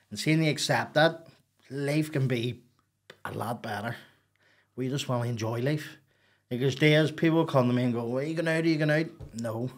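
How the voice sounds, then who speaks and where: A man, a podcast guest telling a story in a casual, animated, profane and rambling way. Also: medium pitch.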